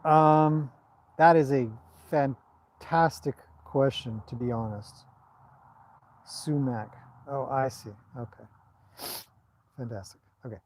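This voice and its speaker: A man with a Canadian accent, hosting a casual live stream and reading out viewer comments in a relaxed, rambling way. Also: mid-range voice, slow pace, long pauses, a little hiss or hum. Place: outdoors at a stable in the evening.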